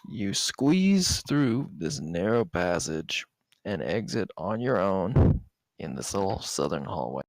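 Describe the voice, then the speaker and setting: A man narrates as game master, his voice gravelly and lively in pitch. He talks loosely, stumbling and restarting as he rules on the players' moves. The sound is dry and close. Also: dry recording. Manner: loose, halting, lots of fillers and restarts.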